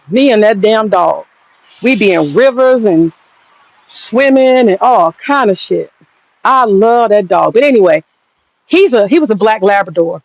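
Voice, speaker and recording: A woman's voice: mid-range voice, no echo, muffled recording. A woman vlogging outdoors in her backyard on a handheld phone, chatting casually and telling stories full of profanity. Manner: profane, rambling storyteller. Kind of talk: casual chat.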